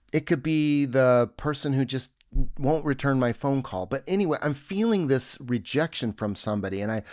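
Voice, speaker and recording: A man's voice: mid-range voice, dry recording, clean studio sound. A man giving a reflective teaching talk with a breathing exercise, earnest and musing, with audible exhaled sighs. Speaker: self-help teacher.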